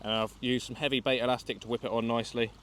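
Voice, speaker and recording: A man's voice: mid-range voice, little pitch movement, fast, a bit bright, a little hiss or hum. A young man from England talking viewers through a fishing trip outdoors by a river, chatty and explaining each step. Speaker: angling vlogger. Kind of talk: fishing vlog commentary.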